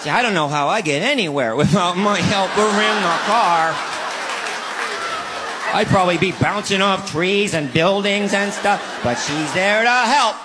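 Give me an animated male stand-up comic on a live stage recording, slightly high-pitched. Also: measured pace, over music. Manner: animated, acts out both sides of arguments. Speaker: stand-up comedian. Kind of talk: stand-up comedy routine. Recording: live show with loud crowd laughter.

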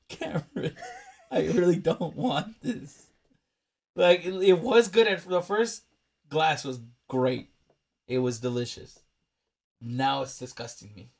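A man's voice: a little high, takes it slowly, gravelly, long pauses. A man co-hosting a podcast, chatting and joking while counting cards in a drinking game. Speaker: podcast co-host. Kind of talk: casual chat during a drinking card game.

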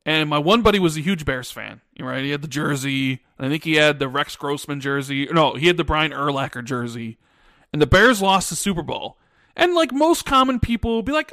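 Rambling high-voiced man on a dry mic. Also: lively intonation, fairly quick, sharp tone, no echo. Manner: rambling storyteller, restarts often. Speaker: podcast co-host. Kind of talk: casual chat.

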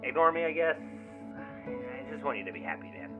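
A man's voice: medium pitch, big pitch swings, moderate pace, loud music behind the voice, close to an everyday voice. An actor playing an obsessive young man who leaves rambling, swearing, overly familiar voicemails in an audio drama. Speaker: caller leaving voicemails. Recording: tinny phone-line voicemail.

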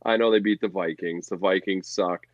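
A man's voice: deep voice, steady tone, normal speed, no room sound, highs cut off. A man co-hosting a casual sports betting podcast, talking bluntly and profanely in a ranting way. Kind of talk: casual chat.

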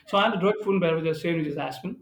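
A man, a hotel managing director, telling lively stories in a podcast conversation and acting out the people he quotes. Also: on the high side, very fast, poor audio. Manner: animated storyteller, acts out quoted voices.

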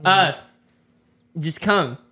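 A man co-hosting a podcast, chatting casually and joking in animated banter. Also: a little high, drawn-out words. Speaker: podcast co-host. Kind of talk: casual chat.

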